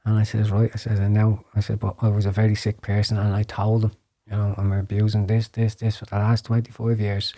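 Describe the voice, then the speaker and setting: Speaking briskly with a completely flat delivery, a lowish-voiced Irish man gives his personal testimony on a podcast. His tone is dark and mellow and his storytelling earnest, though he stumbles over repeated words, restarts often, and drops to a hushed whisper when recalling prayers.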